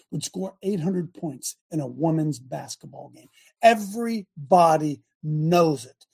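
An older man with a high, husky voice rants as a show host, fired up and emphatic. He drives each point home by saying it again and again. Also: a little mellow. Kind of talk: impassioned opinion monologue.

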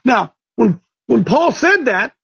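A man's voice: very high voice, big pitch swings, takes it slowly, gravelly, a bit bright, husky. A man hosting a religious talk show, asking rhetorical questions and restarting his sentences often. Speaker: host. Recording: dull lo-fi sound.

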